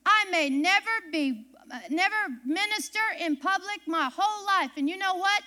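A woman's voice: very high-pitched, moderate pace, pushed and bright. A woman preaching a sermon, emphatic and repeating her key phrases for weight.

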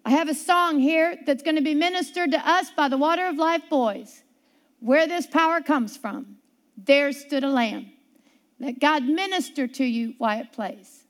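A woman preaching a sermon, telling a healing story earnestly and slowing down to stress key words. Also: sits high.

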